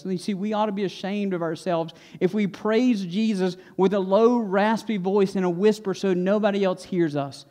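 Earnest higher-voiced male preacher. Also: fairly even intonation, normal speed, few pauses, mellow. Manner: earnest preaching, repeats phrases for emphasis. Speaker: pastor. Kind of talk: sermon. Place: church sanctuary.

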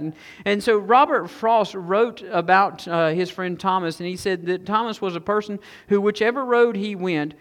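A man's voice: sits high, normal speed, hardly any pauses, a bit bright, long reverb tail. A middle-aged male pastor preaching a sermon in a casual storytelling way, with many fillers and restarts.

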